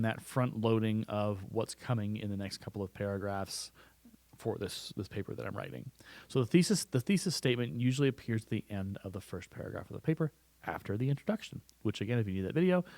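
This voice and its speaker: A man's voice: on the low side, animated, quick pace, a little mellow, dry recording. A man teaching a writing lesson in a conversational way, often repeating words and restarting phrases. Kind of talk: recorded classroom lesson. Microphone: close studio mic.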